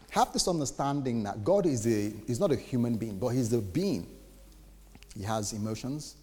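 Animated preaching man in a reverberant hall. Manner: animated, rising to sudden high bursts and dropping low. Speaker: pastor. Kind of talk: sermon.

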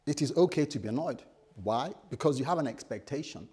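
A man preaching a sermon in a relaxed, conversational way, acting out little everyday scenes as he teaches. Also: medium pitch, quick pace, breathy edge. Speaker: pastor.

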